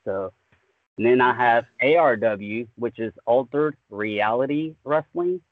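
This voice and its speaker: Male podcast guest, Southern twang, relaxed and rambling, dry phone-quality audio. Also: medium pitch, measured pace, no room sound. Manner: easygoing, rambling, says "man" a lot. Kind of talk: casual podcast interview. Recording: tinny phone-like remote line.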